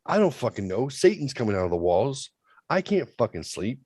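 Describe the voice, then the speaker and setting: A man in his thirties telling a story in a casual, profane, animated way, swinging between loud outbursts and quiet asides. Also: mid-range voice, fairly quick, dry recording. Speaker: podcast host.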